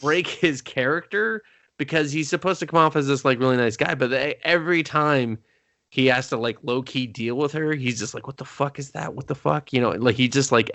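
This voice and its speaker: A man's voice: mid-range voice, a bit bright, no room sound. Rambling man recapping a comedy, dry sound. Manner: rambling, profane, recaps plot with lots of fillers. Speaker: podcast co-host. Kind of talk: casual movie review chat.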